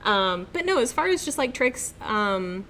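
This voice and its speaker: A woman's voice: mid-range voice, sing-song, unhurried, bright, forceful tone, slight background noise. A woman guest on a casual chat show, talking eagerly about pets and her pet care business. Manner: chatty, enthusiastic, self-described dog training nerd.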